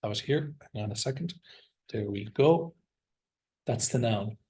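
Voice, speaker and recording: A man leads an English vocabulary class at an unhurried pace, taking his time over each word. He encourages the students and has them repeat words after him, speaking at a middling pitch. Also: animated, a little mellow. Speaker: English teacher.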